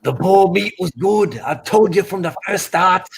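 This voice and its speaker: A man doing a put-on Irish accent as a cocky, mocking boxer, in loud, crude, taunting banter. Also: high voice, lively intonation, measured pace, creaky, slightly rough, heavily acted. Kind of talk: casual podcast banter.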